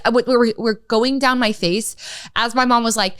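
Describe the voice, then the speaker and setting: A woman's voice: on the high side, normal speed, clean tone, dry recording, studio quality. Chatty young woman telling stories. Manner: animated storytelling with many fillers. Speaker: streamer guest. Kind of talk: casual podcast chat.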